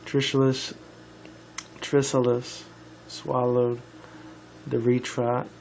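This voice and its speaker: A man's voice: medium pitch, gravelly, darkish tone, slight background noise, low-quality recording. A tired young man reading a fan story aloud, stumbling over words and correcting himself with casual asides. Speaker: fan fiction reader.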